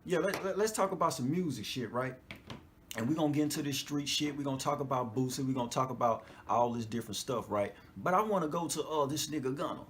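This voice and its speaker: A man's voice: medium pitch, quick pace, a little hiss or hum. A man hosting a podcast in a casual, profane monologue, laughing often and checking in with his listeners. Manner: animated, profane, laughs often, frequent "you know what I'm talking about". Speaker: podcast host.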